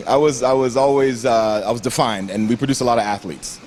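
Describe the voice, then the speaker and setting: A young man from Grenada with a Grenadian accent, a bodybuilder telling his story in a gym interview, lively and acting out the voices of the people he quotes. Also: mid-range voice, fairly quick. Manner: animated storyteller who acts out quoted voices and laughs often.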